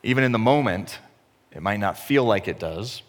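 A man's voice: on the low side, lively intonation, moderate pace. A man preaching a sermon as a pastor, in a conversational way with self-deprecating humor. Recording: echoey hall.

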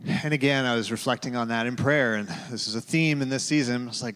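A male pastor giving a sermon, telling a personal story in a conversational way with fillers and dropping to a hush for quotes. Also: medium pitch, a little fast. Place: large church auditorium. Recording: reverberant hall.

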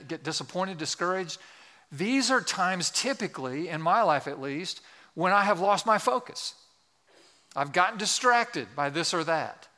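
A male pastor delivering a sermon with a bright, forward tone and a slightly high pitch. He speaks earnestly and exhorts his listeners. He slows right down on the words he wants to land.

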